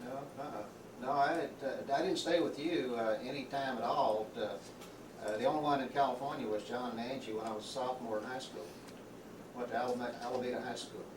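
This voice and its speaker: An older man who asks questions and firmly corrects details in a mid-range voice. He is recorded from across a roomy space on a home camcorder, with a clear hiss behind him. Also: medium pitch, steady tone, a little fast. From rural Texas. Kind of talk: casual family reminiscence. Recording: roomy, distant home-video sound with hiss.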